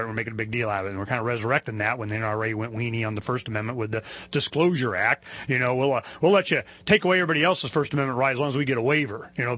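A man hosting a talk show, telling a story in an animated, indignant rant that climbs in pitch as he gets worked up. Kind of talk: opinionated monologue.

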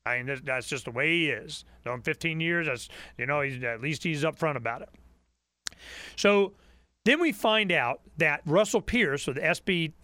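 A man's voice: on the high side, expressive, moderate pace, sharp tone, no echo. A man hosting a call-in talk radio show, ranting fervently and repeating his points. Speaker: talk radio host and website publisher. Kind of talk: impassioned call-in radio monologue.

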